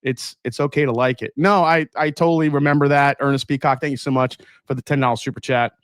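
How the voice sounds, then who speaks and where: A middle-aged man chats casually on a live stream, unboxing and answering his viewers. He rambles and thinks out loud with plenty of fillers and restarts, in a mid-range voice. The sound is close and dry. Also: mid-range voice, fairly even intonation, fast talker, clear, resonant tone, no echo. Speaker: whiskey reviewer hosting a live stream.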